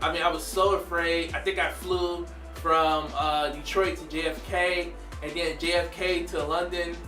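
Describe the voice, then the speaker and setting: A man in his thirties telling a story in a slangy, animated way, laughing often. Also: a little high, measured pace, echoey room, far from the mic, faint music behind. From United States. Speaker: vlogger. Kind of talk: casual storytelling.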